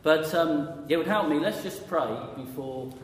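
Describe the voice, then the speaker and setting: A man's voice: fairly high pitch, unhurried, slight background noise. A man preaching a conversational sermon, often quizzing his audience with questions. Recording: echoey hall with long reverb.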